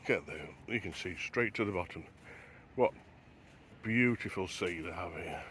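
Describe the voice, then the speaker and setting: At sunrise on the beach, a man vlogs his travels on a handheld camera while walking, chatting and wondering aloud. He speaks unhurriedly in a low-pitched, slightly bright voice, and a little hiss or hum is audible.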